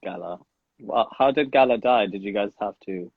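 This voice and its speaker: A man hosting a casual interview, asking teasing questions in a playful, excitable way. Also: fairly low pitch, moderate pace, no room sound, phone-quality sound. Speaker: podcast host.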